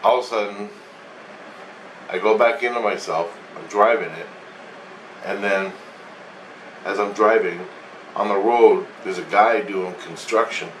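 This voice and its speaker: Casual low-voiced guy telling a dream, loose and sweary, echoey room with a faint ac hum. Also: measured pace, pauses often, recorded from a distance. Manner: casual, meandering, swears freely. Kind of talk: rambling dream recounting.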